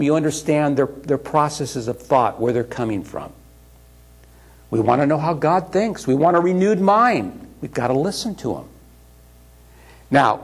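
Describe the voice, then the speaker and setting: A man delivers a sermon with a husky, breathy voice. He preaches in a conversational way and slips into the voices he quotes. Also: fairly high pitch, a little mellow. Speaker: pastor.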